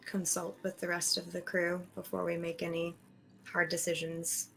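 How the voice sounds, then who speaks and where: Tabletop player: woman, lowish gravelly voice, measured and gentle, hesitant restarts. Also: monotone, slight background noise. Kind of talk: tabletop role-play in character.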